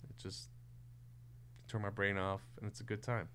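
A speaker in a casual movie chat, joking around and throwing in quick remarks. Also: sits low, level tone, a bit bright, clean tone.

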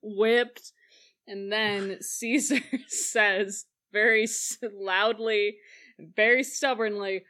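Bright-voiced woman gabbing about a movie, goofy voices, laughs a lot. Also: medium pitch, drawn-out words. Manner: animated, acts out lines in silly voices, laughs often. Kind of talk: casual film discussion.

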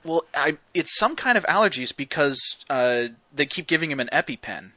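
A man's voice: fairly high pitch, expressive, normal speed, bright, forceful tone, no room sound. A man hosting a casual podcast that breaks down a film, wry and detailed, quoting scenes as he goes. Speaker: podcast host.

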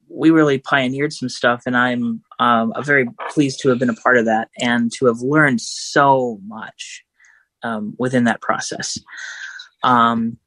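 A man's voice: mid-range voice, a bit bright. A man moderates a panel discussion and speaks off the cuff. His delivery halts often, with ums and restarts. The sound is dry and close, with no room echo. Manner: hesitant, many ums and restarts.

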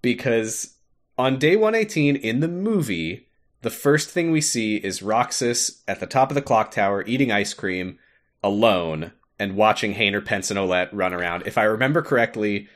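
A young man co-hosting a podcast, casually recapping a game's story with animated retelling and frequent laughter. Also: lowish voice, moderate pace. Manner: animated storytelling, laughs often, acts out lines. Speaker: podcast co-host. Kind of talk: casual chat recapping a game.

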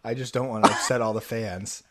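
A man's voice: mid-range voice, fairly even intonation, brisk. A young adult man co-hosting a casual podcast chat, hesitant and searching for words as he explains his view. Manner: hesitant, searching for words, soft-spoken asides. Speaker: podcast co-host.

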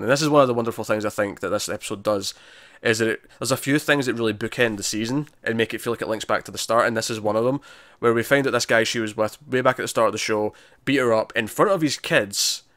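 A man's voice: lowish voice, fairly bright tone, no echo, studio quality. A man casually recapping a TV episode with a friend, retelling scenes with many restarts and frequent laughs. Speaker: podcast co-host.

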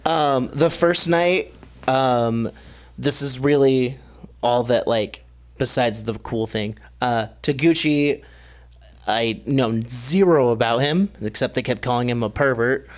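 A man's voice: mid-range voice, slow pace. A young man co-hosting a casual podcast chat, rambling with many fillers. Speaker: podcast co-host.

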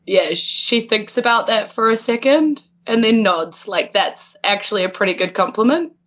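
A woman's voice: medium pitch, animated, moderate pace, a bit bright. A woman describes her character's actions in a loose, chatty way, peppered with fillers. Her talk moves easily between narration and laughter. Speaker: player. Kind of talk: tabletop game play.

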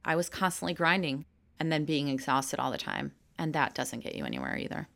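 A woman with a low, deep voice speaks as an interview guest. She is reflective and earnest and lists her points slowly and deliberately. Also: creaky, fairly bright tone. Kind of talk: candid interview talk.

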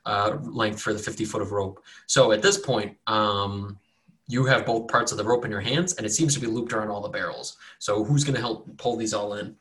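A man's voice: on the low side, moderate pace, fairly bright tone. Laid-back man running a tabletop game. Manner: easygoing, rambling narration with many fillers. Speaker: game master.

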